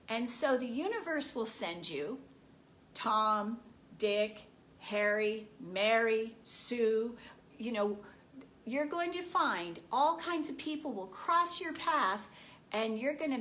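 A woman giving a motivational spiritual talk, deliberate and often laughing as she acts out everyday examples. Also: on the high side, lively intonation, fairly bright tone, a little hiss or hum. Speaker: spiritual speaker.

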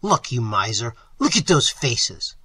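A man voicing an angry young male artist who scolds and threatens in a loud, forceful voice. He reads him in a storybook reading. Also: medium pitch, very animated, unhurried, breathy edge, no echo, full character voice. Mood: indignant.

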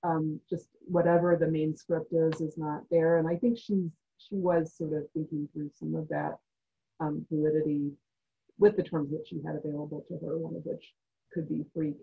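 A woman on a discussion panel, talking in a measured academic way and thinking aloud with frequent pauses. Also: low voice, level tone, vocal fry, slightly rough, narrow, tinny audio.

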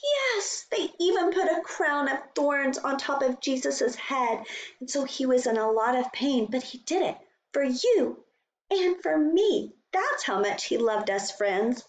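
An earnest woman gently teaches children a Bible story, her high voice rising and falling with feeling. She speaks slowly, and the sound carries a roomy echo. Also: animated. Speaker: children's ministry co-host.

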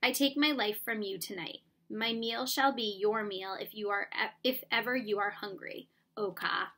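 A woman voicing an earnest young jungle boy in a storybook reading, calling out high and excited. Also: normal speed. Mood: solemn. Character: boy raised by wolves, eager and earnest.

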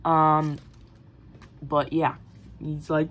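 A woman casually pitching a film idea, rambling with many fillers and giggly asides. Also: slow pace, a little hiss or hum, rough recording. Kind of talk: casual movie-pitch chat.

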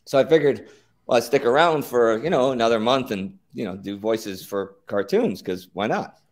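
A man's voice: mid-range voice, expressive, normal speed. A middle-aged man from the United States, talking casually as an interview guest and repeating words as he thinks.

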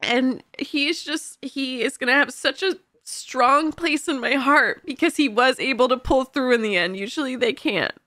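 A woman's voice: high voice, normal speed, few pauses, sharp tone, dry recording, studio quality. A woman hosting a movie reaction video, talking in an effusive, emotional way with lots of "like". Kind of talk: casual reaction commentary.

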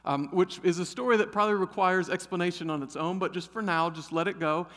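Animated pastor in a reverberant church hall. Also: male voice, high-pitched, fast. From Ohio. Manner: animated, humorous storyteller. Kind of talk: storytelling sermon. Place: church sanctuary.

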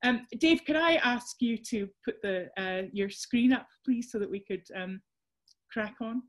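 A woman's voice: fairly high pitch, a little slow. Chatty Scottish woman on a video call. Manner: chatty, self-deprecating, lots of restarts. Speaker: workshop presenter. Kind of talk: casual workshop talk on a video call.

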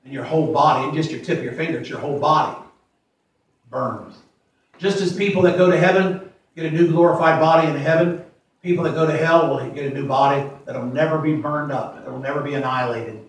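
A man in his forties preaching a sermon as pastor, plain-spoken, repeating himself and slowing down to stress verses. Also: fairly high pitch. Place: church sanctuary. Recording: echoey church from far off.

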